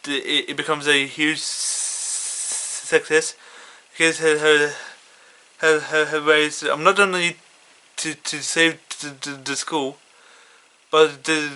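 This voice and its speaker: A man's voice: fairly high pitch, sharp tone, clean tone. A man casually retelling his own fan story, stammering with many restarts. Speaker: fanfiction reader.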